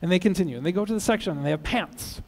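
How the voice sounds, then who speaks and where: A man's voice: high-pitched, racing. A man speaking at a teachers' conference, telling jokes and asking the audience questions in a playful way. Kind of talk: joke-telling talk to an audience. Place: large conference hall. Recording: long reverb of a large hall.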